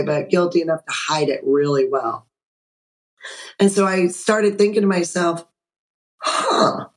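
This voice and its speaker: A woman in her sixties, a podcast guest on a video call, telling a personal story in an animated way and acting out the dialogue. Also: deep voice, low-quality recording.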